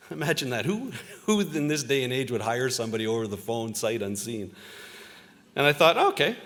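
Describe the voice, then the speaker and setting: A man in his fifties giving a convocation address. He is a journalist telling personal stories in a relaxed, self-deprecating way, with plenty of "uh" fillers. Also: medium pitch. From Ontario, Canada. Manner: conversational storytelling, self-deprecating, with frequent uh fillers. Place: large convocation hall. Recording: reverberant hall.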